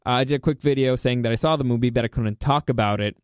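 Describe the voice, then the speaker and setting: A man hosting a casual spoken movie review. He is excitable and repeats himself for emphasis. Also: mid-range voice, fast, smooth, no room sound, studio quality.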